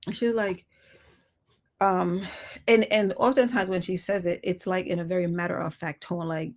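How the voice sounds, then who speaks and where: A woman hosting a live reflective talk, speaking softly and thoughtfully, with small laughs between her thoughts. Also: medium pitch, expressive, a little fast. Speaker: host.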